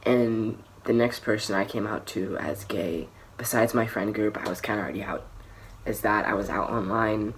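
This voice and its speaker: A young man vlogging a personal story to the camera, candid and hesitant, often restarting and trailing off into softer phrases. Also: lowish voice, slight background noise.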